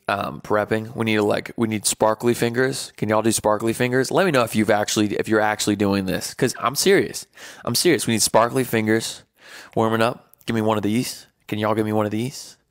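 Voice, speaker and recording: A man's voice: fairly low pitch, no echo, clean studio sound. A man hosting a live stream, joking with viewers, then hyping them up like a playful drill sergeant and counting out numbers. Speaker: livestream host.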